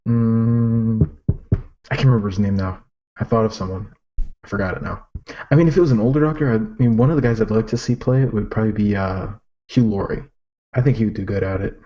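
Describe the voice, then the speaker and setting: A man's voice: fairly low pitch, fast. A man appearing as a podcast guest, hesitant and thinking aloud over a dull remote line. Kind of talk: casual podcast chat.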